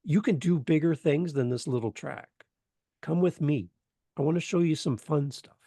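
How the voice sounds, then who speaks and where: A man from Canada, a podcast guest telling a lively story and acting out the voices in it. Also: a little high, moderate pace, no room sound, studio quality. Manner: animated, acts out voices in anecdotes. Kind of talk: enthusiastic storytelling in interview.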